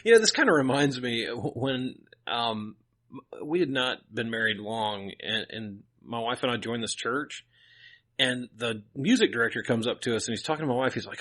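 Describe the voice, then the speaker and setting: A man chatting as a podcast guest, wry and quick to laugh. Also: mid-range voice, bright, forceful tone. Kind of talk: casual podcast chat.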